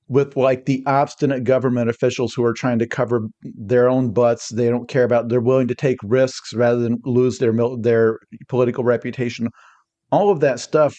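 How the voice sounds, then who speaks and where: A man talking as a podcast guest, energetic and rambling, often restarting his sentences mid-thought. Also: medium pitch. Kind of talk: casual podcast discussion.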